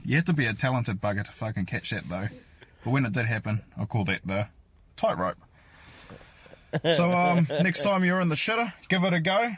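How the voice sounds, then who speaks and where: A man's voice: medium pitch, slight background noise. A man with a strong New Zealand accent leaving a voice message, telling a crude story and chuckling through it. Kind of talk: voice message anecdote.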